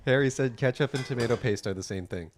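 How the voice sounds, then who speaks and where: Woman, very deep voice, reads chat comments, brief and flat. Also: quick pace, background noise. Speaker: helper reading out chat comments.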